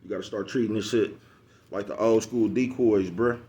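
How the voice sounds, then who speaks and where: A man with a low voice talks straight to camera in a blunt, profane advice rant. He preaches with heavy slang, calls his listeners "bruh" and "folks", and keeps looping back to check they follow. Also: normal speed, warm tone. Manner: profane, preachy, repeats "you know what I'm talking about". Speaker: vlogger giving street advice. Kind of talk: casual advice monologue.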